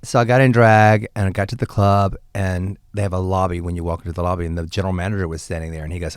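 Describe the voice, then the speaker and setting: A man guest, a drag performer, telling stories in a casual interview with a lively, campy manner and bursts of laughter. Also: fast talker, few pauses, clear, resonant tone, dry recording, clean studio sound. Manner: animated, campy, laughs often, jumps up in pitch.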